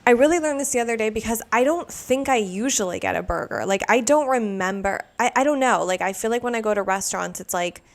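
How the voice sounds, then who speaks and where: A woman's voice: a little high, quick pace, hardly any pauses. Exasperated woman ranting casually. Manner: animated, exasperated, swears often. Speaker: podcast host. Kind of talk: casual solo rant.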